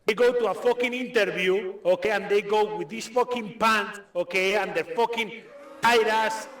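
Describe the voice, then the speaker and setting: A man with a very high voice rants at length, heated and swearing, circling back to the same points. He sounds far from the mic in an echoey space. Music plays clearly behind him. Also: moderate pace, fairly bright tone. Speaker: ranting chat user. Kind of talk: profane comic rant. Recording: echoey distant voice chat with music.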